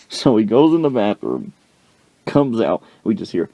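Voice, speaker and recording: A male podcast host with a fairly low voice tells a comic personal story, and his pitch moves a lot as he goes. His delivery is slangy and animated, recorded dry and close with little room sound. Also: unhurried, vocal fry, no echo, dull audio.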